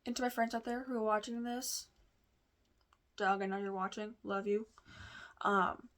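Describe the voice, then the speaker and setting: A woman's voice: mid-range voice, fairly even intonation, moderate pace, fairly bright tone. A woman vlogger telling a personal story in a casual, rambling way, full of fillers, restarts and asides. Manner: chatty, confiding.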